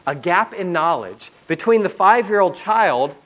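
Animated storytelling pastor, slightly high voice. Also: male voice, unhurried, poor audio. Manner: animated storytelling with asides to the audience. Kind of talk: sermon.

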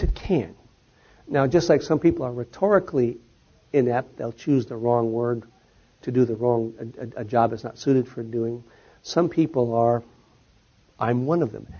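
A man's voice: mid-range voice, warm tone, slightly rough. A man giving a lecture and taking audience questions, his voice dropping at the end of sentences and rising on key points. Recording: dull lo-fi recording.

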